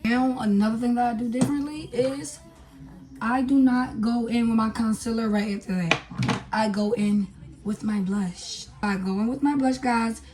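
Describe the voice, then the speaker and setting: A woman's voice: fairly high pitch, normal speed, music in the background. A young woman chatting casually through a makeup tutorial, talking to viewers with lots of fillers as she works. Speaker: beauty vlogger.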